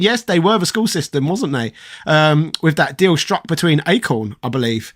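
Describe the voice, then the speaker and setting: Mock-posh Englishman, slightly high voice. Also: animated, a little slow, fairly bright tone. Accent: put-on posh English. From southeast London, England. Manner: mock-posh, opinionated, swears freely. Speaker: host reading live chat. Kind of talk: casual livestream chat.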